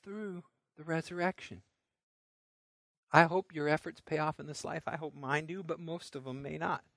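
A male pastor preaching a recorded sermon alone in a room, moving between quiet scripture reading and loud call-and-response revival exhortation. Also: a little high, steady tone, normal speed, gravelly, dry recording. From Midland, Michigan area church. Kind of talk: recorded sermon to home viewers. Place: room alone without congregation.

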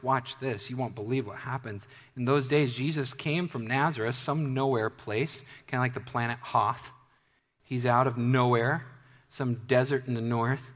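Guy preaching a sermon, punchy loud bits then going real quiet, long church-hall echo. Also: medium pitch. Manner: dynamic, swings from loud emphatic bursts to hushed asides. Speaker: pastor.

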